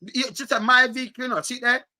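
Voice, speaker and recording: Bright-voiced Jamaican man, emphatic. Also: very high voice, fast. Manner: animated, emphatic, Jamaican patois phrasing. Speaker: commentator reading documents. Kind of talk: casual chat.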